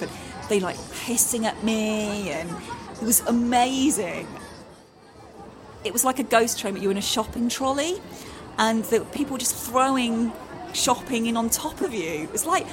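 A woman playing an excited customer fresh out of a scare attraction in an improvised comedy sketch, breathless and rambling. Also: fairly high pitch, close to an everyday voice. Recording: loud music and crowd behind.

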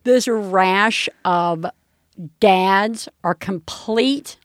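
A woman's voice: medium pitch, very slow, dry recording. Woman in her 30s cohosting a podcast, laughy, talks over herself, dry close sound. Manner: chatty, laughs often, self-interrupting. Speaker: podcast co-host. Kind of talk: casual chat.

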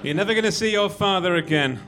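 A man's voice: high-pitched, lively intonation, fast talker. A man playing an old one-eyed prison warden in a live comedy reading, with a put-on thick Turkish accent and a menacing, smutty manner. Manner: menacing, then gleefully smutty.

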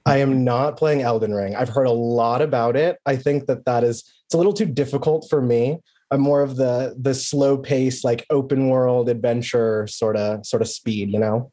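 Relaxed young man calling in, mellow voice. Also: medium pitch, moderate pace, few pauses. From Chicago, Illinois. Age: 20s. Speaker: caller. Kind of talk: casual phone-in chat.

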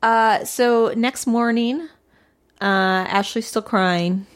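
A woman's voice: a little high, steady tone, slow pace. A woman co-hosting a podcast, recapping episodes in casual chat and laughing often. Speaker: podcast co-host.

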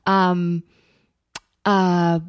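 A woman's voice: fairly low pitch, little pitch movement, smooth, dry recording. Chatty American woman, dry close mic. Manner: chatty, halting with fillers and restarts. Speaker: podcast guest, screenwriting teacher. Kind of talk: casual chat.

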